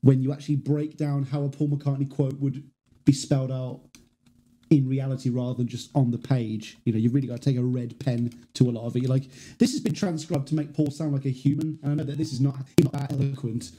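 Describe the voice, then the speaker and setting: A man's voice: mid-range voice, brisk. A man as a podcast guest, chatting casually and jokily, often slipping into voices. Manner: animated, jokey, slips into impressions. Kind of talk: casual chat.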